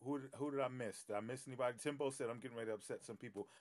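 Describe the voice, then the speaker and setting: A middle-aged male pastor talking casually into his phone on a live stream. He greets people one by one, fills pauses with "um" and "uh", and laughs easily. His voice sits at an ordinary middle pitch. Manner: chatty, greets viewers by name, many fillers and laughs. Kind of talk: casual live-stream chat before a Bible teaching.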